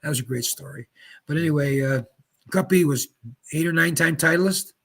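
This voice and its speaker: A man in his seventies from Pennsylvania, a retired bowler and guest, telling rambling, animated anecdotes in casual chat. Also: a little high, normal speed. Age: 70s. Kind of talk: casual storytelling.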